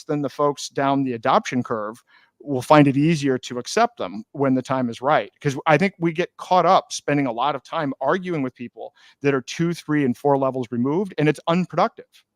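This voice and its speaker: A man hosting a podcast interview, explaining his ideas in a measured way and sometimes restarting phrases. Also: fairly high pitch, dry recording, studio quality. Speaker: podcast host. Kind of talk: conversational interview.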